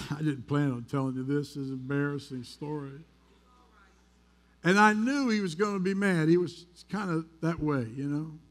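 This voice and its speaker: High-voiced man preaching a sermon. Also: normal speed. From United States. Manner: conversational storytelling, candid and self-deprecating. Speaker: pastor. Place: church sanctuary.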